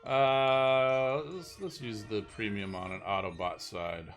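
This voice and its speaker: A man's voice: lowish voice, fairly even intonation, slow pace, a bit bright, faint music behind. Rambling male game streamer. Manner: rambling, self-deprecating, many fillers. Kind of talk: casual live-stream commentary.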